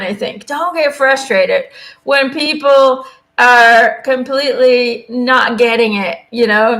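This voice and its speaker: A woman doing a live angel card reading, speaking gently and reassuringly and often checking in with "okay?" and "you know?". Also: a little high, gravelly. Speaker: intuitive angel card reader. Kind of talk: live card reading, casual spoken guidance.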